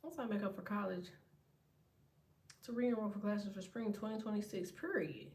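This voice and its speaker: A woman hosting a tarot livestream, telling stories in a profane, animated way and acting out other people. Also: mid-range voice, moderate pace, far from the mic. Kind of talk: casual livestream rant.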